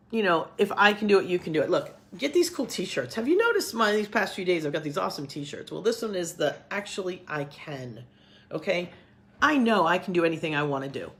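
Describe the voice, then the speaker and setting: A middle-aged woman who teaches cooking talks to the camera at home in a chatty, rambling, upbeat way. Her voice is medium in pitch with a fairly bright tone.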